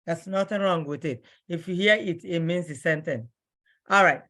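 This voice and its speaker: A woman teaching an online language class, who speaks slowly and repeats each word with care so her students can follow. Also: on the low side, a bit bright. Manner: slow, repeats words carefully for students.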